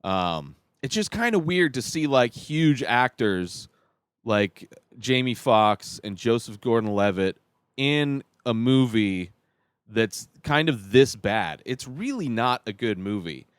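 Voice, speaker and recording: A man hosting a podcast, giving a rambling, halting and exasperated movie review with many restarts. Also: medium pitch, expressive, smooth, no room sound, studio quality. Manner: exasperated, critical. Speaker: podcast host reviewing a film. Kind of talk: casual spoken movie review.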